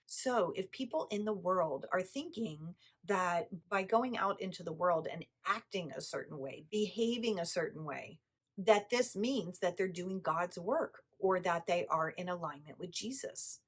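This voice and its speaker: A woman's voice: lowish voice, lively intonation, measured pace. A middle-aged woman, a spiritual teacher, explaining a text in a blunt, casual way and laughing often.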